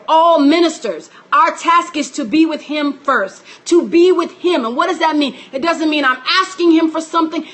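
Female preacher, high-pitched, emphatic teaching sermon. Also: fairly bright tone. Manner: emphatic, repetitive, greets listeners by name. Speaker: minister teaching a class.

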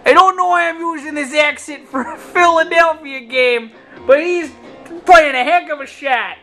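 A man putting on an excitable sports announcer voice with a put-on accent, calling a video game match. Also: extremely high pitch, moderate pace, faint music behind, voice pushed up. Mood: hyped. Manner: shouting play-by-play in a put-on accent.

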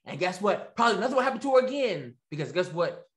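A man's voice: high-pitched, big pitch swings, quick pace, a bit bright. Indignant ranting man in an echoey room. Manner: indignant, sarcastic, repeats phrases for emphasis. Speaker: commentary show host. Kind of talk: ranting opinion commentary.

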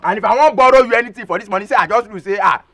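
A man with a Nigerian accent playing a boastful, fast-talking hustler in a comic sketch. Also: high voice, fairly bright tone, no room sound. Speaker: comedian playing a hustling agent.

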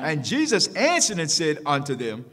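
A man's voice: a little high, wildly swooping pitch, moderate pace, a bit bright. A man reading King James scripture aloud in church, answering with amens between verses. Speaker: scripture reader. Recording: reverberant church hall.

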